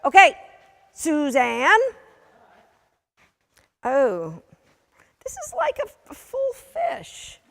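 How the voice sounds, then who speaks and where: A woman instructing a dog training class, giving brisk, matter-of-fact commands to a dog and its handler, sometimes teasing. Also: sits high, huge pitch swings, gravelly, fairly bright tone. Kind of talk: coaching a live training session. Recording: long reverb of a large hall.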